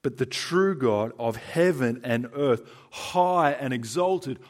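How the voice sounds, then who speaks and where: A man with an Australian accent preaching a sermon in a conversational, emphatic way, moving between loud stresses and hushed lines. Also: medium pitch, animated, takes it slowly.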